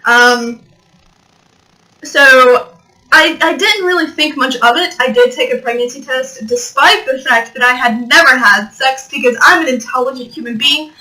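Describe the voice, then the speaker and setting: Bright-voiced young woman, rambling vlog. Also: high voice, moderate pace, poor audio. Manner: rambling, joking, swears, laughs often. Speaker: vlogger. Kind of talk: casual storytelling vlog. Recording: built-in mic, mic not plugged in.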